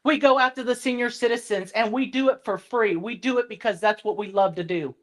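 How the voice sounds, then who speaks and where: A woman's voice: a little high, fairly quick. Passionate woman bus driver. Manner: passionate, plain-spoken, defiant. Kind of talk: public comment at a board meeting.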